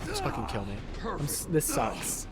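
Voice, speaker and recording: A man's voice: a little high, huge pitch swings, moderate pace. A young man streaming live gameplay, frustrated, swearing and ranting at the game. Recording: game music and gunfire behind. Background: game music and gunfire.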